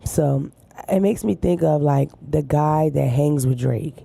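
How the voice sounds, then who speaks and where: A young adult woman comedian talks as a podcast guest, brash and profane, always joking. Her voice has a gravelly fry and a dark, mellow tone. The room sounds dry and close. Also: low voice, measured pace, no room sound. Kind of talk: casual chat.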